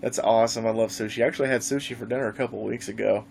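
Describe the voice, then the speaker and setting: A man vlogging live, telling a gaming story in a casual, animated way and swearing freely. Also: mid-range voice, rapid-fire, gravelly, a little hiss or hum. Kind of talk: casual livestream chat.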